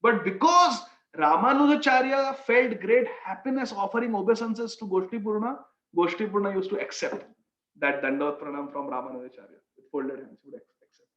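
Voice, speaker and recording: A man with a very high voice tells a sacred story in an animated way and often repeats phrases. His voice echoes through a roomy space, and the recording sounds slightly dull. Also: brisk. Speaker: preacher. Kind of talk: storytelling sermon.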